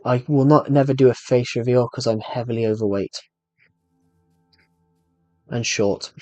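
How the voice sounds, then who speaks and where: A man's voice: mid-range voice, measured pace, darkish tone, no echo, faint music behind. Young British male streamer, mid-range voice, dry close sound, rambling and self-deprecating chat over gameplay. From Britain. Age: young adult. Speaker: gaming streamer. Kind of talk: casual gameplay commentary with live chat. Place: room at home.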